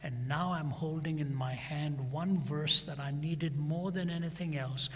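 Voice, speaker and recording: Older guy preaching, slightly high husky voice, acts out the back-and-forth, long reverb like a big hall. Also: fairly even intonation, moderate pace, hardly any pauses. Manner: dramatic retelling, acting out each side of a dialogue. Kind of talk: sermon storytelling.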